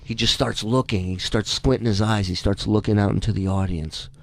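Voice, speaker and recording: A man hosting a radio show, telling a story in a loose, profane, animated way. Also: lowish voice, fairly quick, gravelly, no echo. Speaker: radio host. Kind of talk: casual radio chat and storytelling.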